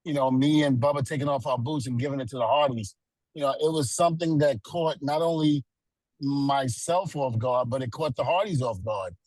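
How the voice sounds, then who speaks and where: A man's voice: mid-range voice, normal speed, a little mellow, no room sound, poor audio. A middle-aged man, a retired pro wrestler, telling earnest stories as a guest in a casual interview, with many "you know"s.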